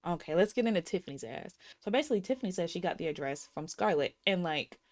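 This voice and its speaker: A woman's voice: fairly low pitch, expressive, fast talker. A woman in her thirties recapping and reviewing a film in a casual, sassy way, talking straight to her viewers. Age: 30s. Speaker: movie reviewer.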